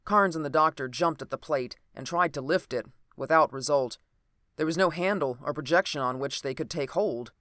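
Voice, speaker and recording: A narrator reading an old adventure novel aloud in a steady, even storytelling manner. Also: mid-range voice, normal speed, no room sound, studio quality.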